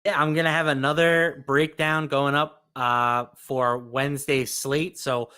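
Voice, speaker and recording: A male betting analyst with a bright, forceful voice that comes across smooth and crisp. He sounds measured and matter-of-fact and builds his case from numbers. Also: mid-range voice, level tone.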